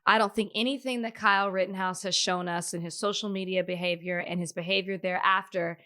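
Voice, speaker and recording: A woman's voice: mid-range voice, steady tone, fairly quick, pushed and bright. A woman co-hosting a podcast, speaking in an earnest, emphatic, opinionated way. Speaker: podcast co-host. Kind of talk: casual podcast chat.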